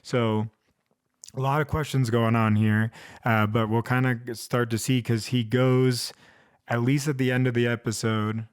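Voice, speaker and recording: A man's voice: mid-range voice, little pitch movement, unhurried, smooth. A man hosting a one-take vlog, recapping a TV episode in a loose, rambling way, full of "like" and restarts. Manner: rambling, heavy use of "like", restarts. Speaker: vlog host.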